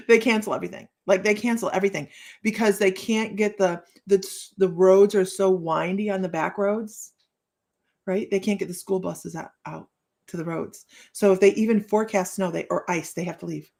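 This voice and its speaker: A woman speaks at normal speed in a mid-range, slightly mellow voice with fairly even intonation and vocal fry. She hosts a casual live psychic-reading stream, giggly and chatty, often laughing between remarks as she reads playful, cheeky card lines.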